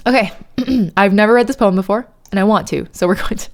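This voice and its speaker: A woman's voice: medium pitch, fairly quick. A woman streaming live, chatting casually with her viewers, often laughing and reading their messages aloud. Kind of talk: casual chat with live chat readers.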